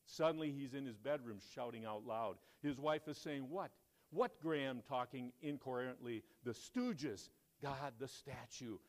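Guy preaching a story in church, gets loud on the quotes then drops quiet. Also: moderate pace, few pauses. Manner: animated, voice rising for quoted lines and dropping low for reflection. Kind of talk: sermon storytelling.

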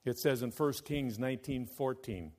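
A man preaching a sermon as pastor, his delivery emphatic, moving between loud declaration and hushed, intimate asides. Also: mid-range voice, normal speed.

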